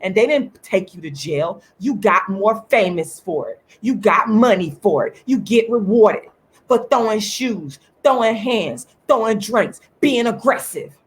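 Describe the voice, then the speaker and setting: A woman hosts her own online show and delivers a fiery, repetitive monologue. Her voice sits at an ordinary middle pitch, and she keeps hammering her points home. Every so often she thanks viewers in the live chat. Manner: emphatic, repetitive, preaching tone. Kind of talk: impassioned livestream monologue.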